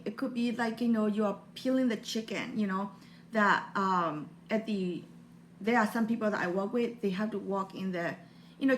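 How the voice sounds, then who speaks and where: A woman's voice: medium pitch, a little hiss or hum. Earnest Burmese-accented woman in her forties. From Burma. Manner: earnest, heartfelt, non-native phrasing. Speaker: motivational vlogger. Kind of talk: personal motivational talk.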